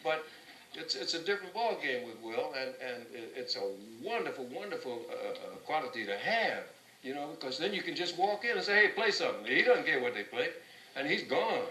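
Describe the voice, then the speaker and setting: A man leads a tap class, counting beats and scatting the rhythms aloud, with a voice pitched a little above the usual. He is picked up from across the room, so his voice sounds roomy and distant, with clear noise around it. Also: sing-song, a little fast, bright, forceful tone. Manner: counts and scats rhythms aloud, repeats words. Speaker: tap dance teacher. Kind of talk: teaching a class. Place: dance studio. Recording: roomy, distant, noisy dance studio.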